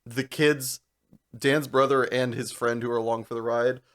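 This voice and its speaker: A young man co-hosting a podcast, telling a long story in casual chat, animated and laughing as he goes. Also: medium pitch, moderate pace. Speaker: podcast co-host.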